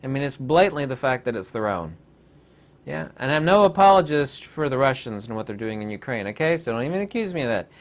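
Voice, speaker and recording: A man's voice: mid-range voice, big pitch swings, fast. A man hosting a rambling, sarcastic commentary video, full of digressions and mocking asides.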